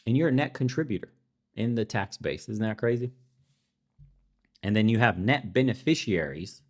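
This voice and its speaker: A man's voice: lowish voice, lively intonation, normal speed, long pauses. Heated, sarcastic man ranting. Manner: sarcastic, profane, heated and mocking. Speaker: podcast host. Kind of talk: ranting political commentary.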